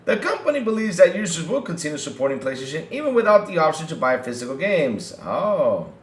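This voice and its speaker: Animated, mocking man in an echoey room. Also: a little high, brisk, a little hiss or hum. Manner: animated, mocking, swears, addresses chat. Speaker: podcast host. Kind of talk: casual gaming news commentary.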